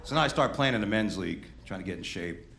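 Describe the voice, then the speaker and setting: Brash middle-aged New comic. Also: male voice, on the low side, expressive, fast, vocal fry, a bit bright. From Queens, New York. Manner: brash, conversational, teasing the crowd. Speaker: stand-up comedian. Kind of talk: stand-up comedy. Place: comedy club stage. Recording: roomy club sound with ambient noise.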